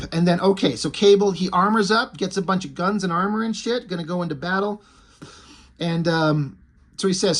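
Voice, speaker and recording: A man's voice: fairly high pitch, moderate pace. A man giving casual comic book commentary in a blunt, rambling way with frequent profanity.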